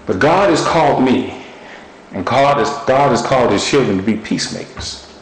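A man preaching a sermon, telling stories with animated delivery. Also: moderate pace, reverberant, poor audio. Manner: storytelling, animated with sudden high shouts.

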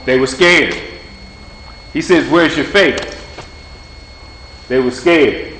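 A man's voice: fairly high pitch, slow pace, a bit bright. A man preaching an informal sermon in a plain-spoken, folksy way, acting out little dialogues, then leading a prayer. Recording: echoey hall with faint hum.

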